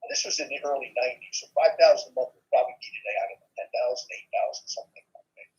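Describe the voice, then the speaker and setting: A man's voice: mid-range voice, expressive, rapid-fire, darkish tone. A man with a faded New York accent, telling business stories in a casual chat, often checking in with "okay?" and "right?". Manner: storytelling, repeats words, asks "okay?". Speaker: guest. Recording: dull lo-fi sound.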